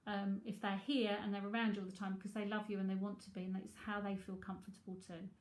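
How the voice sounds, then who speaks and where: A woman's voice: medium pitch, level tone, fast talker, roomy sound. A middle-aged woman, a psychic tarot reader, chatting frankly and laughing often as she answers viewers. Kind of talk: casual livestream chat.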